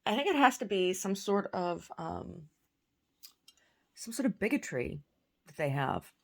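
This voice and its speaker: A woman's voice: fairly low pitch, big pitch swings, unhurried, vocal fry. A woman telling an angry story in a casual, profane rant with stammered restarts, at home. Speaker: vlogger. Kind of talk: casual ranting monologue.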